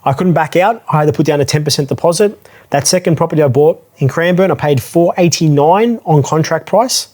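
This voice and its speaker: A man's voice: a little high, fairly quick, a little mellow. A man speaking casually to camera, frank and conversational, recounting a property purchase with restarts and asides. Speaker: property advisor telling his own story. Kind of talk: casual talking-head storytelling.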